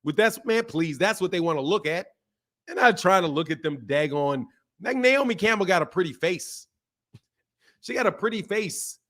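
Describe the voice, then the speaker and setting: A man in his forties hosting a channel, talking in an animated, repetitive casual rant and laughing often. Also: sits high, moderate pace. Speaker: boxing channel host.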